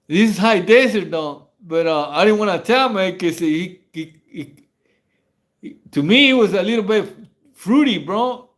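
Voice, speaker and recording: Man, high-pitched, rambling and stammering, casual livestream storytelling. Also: a little slow. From Mexico. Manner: rambling, stammering slang-heavy storytelling with frequent laughs. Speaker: livestream host. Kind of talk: casual prison stories on a livestream.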